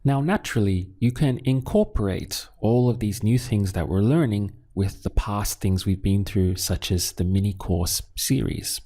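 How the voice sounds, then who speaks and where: A man teaching a Spanish lesson, patiently asking questions and pausing so learners can answer. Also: on the low side, dark tone. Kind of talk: scripted language lesson.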